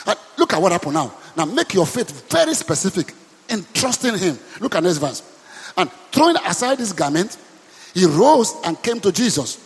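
A man's voice: sits high, big pitch swings, normal speed, breathy edge, big-room sound. A man with a Nigerian accent, a pastor preaching a sermon with emphatic call-and-response to his congregation.

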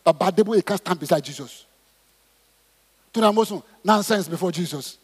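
Preacher guy, high husky voice bouncing all over, big echoey church hall. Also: a little fast. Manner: animated, swings between shouting and soft asides, calls for congregation responses. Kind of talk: sermon, reading and expounding scripture. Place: church auditorium. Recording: long hall reverb in church auditorium.

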